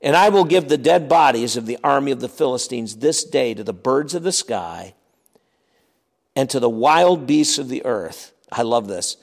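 Lively preacher guy, gravelly, reads the verses big and dramatic, then goes quiet, long hall echo. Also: mid-range voice, a little slow. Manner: lively, emphatic, reads scripture aloud with dramatic swings in volume. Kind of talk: expository sermon.

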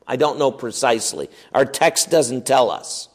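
Slow preaching man in a reverberant hall. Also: medium pitch, expressive. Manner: conversational teaching with questions to the congregation; stop-start, fillers and repeated words. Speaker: pastor. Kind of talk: sermon.

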